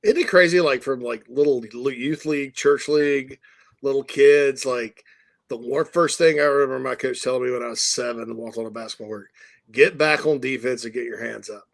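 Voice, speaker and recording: A man's voice: mid-range voice, fairly quick, creaky. A man chatting casually as a co-host on a sports podcast, rambling and jokey.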